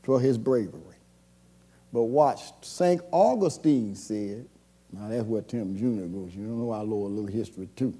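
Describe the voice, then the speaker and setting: A man preaching a sermon as pastor, moving between hushed passages and shouted calls. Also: lowish voice, normal speed, breathy edge. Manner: call-and-response preaching, swings from soft to shouting.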